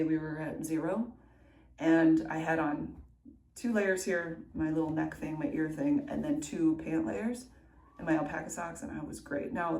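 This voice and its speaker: A woman's voice: sits low, a little mellow. A woman in her thirties chatting casually to camera in a rambling vlog, correcting herself as she goes. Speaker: vlogger. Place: home indoors, then outdoors at a race.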